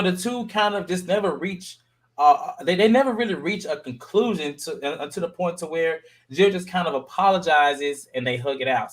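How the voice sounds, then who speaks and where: A man hosting a casual panel chat, animated and jumping into high voices to act out quotes. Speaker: podcast panel host recapping a reality show.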